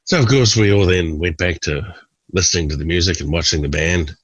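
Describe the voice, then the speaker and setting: A man in his forties, a stand-up comedian, telling anecdotes in an animated way as a guest. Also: low voice, fairly quick, slightly rough, no echo, muffled recording. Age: 40s. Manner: animated, does voices for characters. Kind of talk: storytelling anecdotes.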